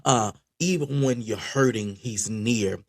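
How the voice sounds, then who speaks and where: A man's voice: medium pitch, slow pace. A man preaching a sermon with passion, often repeating words as he restarts his phrases. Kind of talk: spoken sermon.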